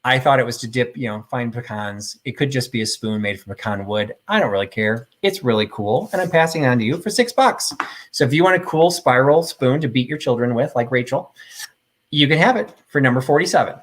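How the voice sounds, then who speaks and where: A man's voice: mid-range voice, lively intonation, a little fast. A man in his fifties from the Chicago suburbs with a Midwestern accent, hosting a live vintage sale with joking, rambling, self-deprecating chat. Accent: Midwestern American. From suburbs of Chicago, Northern Illinois.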